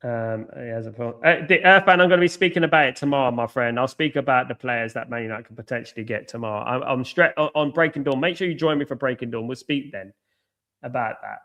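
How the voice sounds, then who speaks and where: A man hosting a live football watchalong, chatting to viewers by name and reacting excitably to each moment of play. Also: medium pitch, fast. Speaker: watchalong host.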